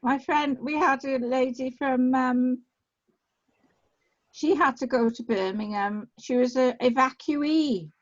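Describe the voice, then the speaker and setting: A woman's voice: high-pitched, takes it slowly. A woman chatting casually over a video call in an online class, often repeating herself. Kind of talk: casual chat. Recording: dull lo-fi video call audio.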